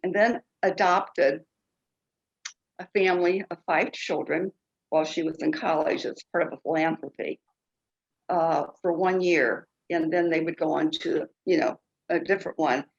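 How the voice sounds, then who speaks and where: A woman guest telling her story slowly and earnestly, with halting restarts. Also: low-pitched, steady tone, breathy edge, dull audio. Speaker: guest, foundation founder. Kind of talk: interview storytelling.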